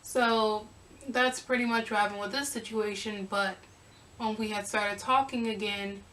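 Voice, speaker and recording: Young woman doing a storytime vlog, sassy and animated, bright voice, kinda far from the mic. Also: mid-range voice, unhurried, a little hiss or hum. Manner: sassy, animated retelling with quoted back-and-forth. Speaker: vlogger. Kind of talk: casual storytime.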